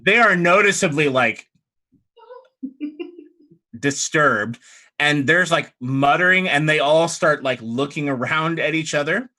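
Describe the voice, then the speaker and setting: A man narrating a tabletop roleplaying game as game master, describing scenes in a relaxed way. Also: fairly high pitch, measured pace, long pauses.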